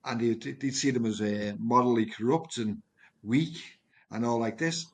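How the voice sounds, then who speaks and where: A mid-pitched man shares stories from his work in a conversation. He talks earnestly and animatedly, often repeating a word as he gathers speed. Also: normal speed. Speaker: project manager and guest. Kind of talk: storytelling in conversation.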